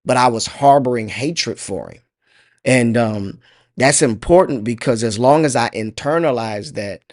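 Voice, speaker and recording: A middle-aged man hosting a podcast and sharing a personal testimony, earnest and reflective, halting often with fillers. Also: mid-range voice, dry recording, studio quality. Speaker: podcast host.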